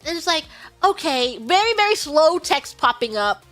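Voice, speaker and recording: High-pitched woman telling a story. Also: normal speed. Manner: animated, exaggerated retelling with laughs. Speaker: streamer. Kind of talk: casual storytelling chat. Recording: faint music behind.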